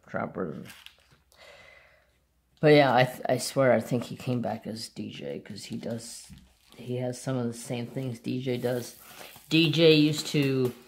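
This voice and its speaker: A man who hosts a crafts channel, casually chatting and rambling about his dogs in an unhurried way. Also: mid-range voice. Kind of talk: casual chat.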